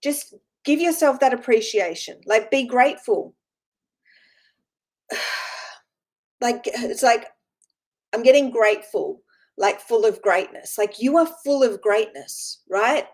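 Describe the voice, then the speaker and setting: A woman with a fairly high voice gives a loose, informal spiritual talk. She rambles, restarts and repeats herself, tagging lines with quick check-ins to her listeners. Her tone stays earnest and encouraging throughout. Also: animated, rough recording. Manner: rambling, repeats words, keeps asking "right?". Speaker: spiritual teacher.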